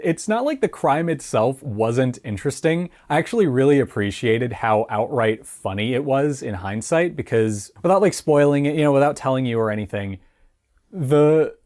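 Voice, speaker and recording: A man's voice: mid-range voice, darkish tone. Chatty rambling male film reviewer. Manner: rambling, chatty, laughs often, many fillers. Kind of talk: casual spoken film review.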